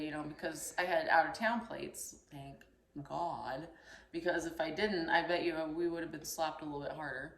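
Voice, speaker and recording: A young woman telling a story in casual chat, animated and acting out the voices in it. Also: sits low, normal speed, vocal fry. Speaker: storyteller host. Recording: echoey room.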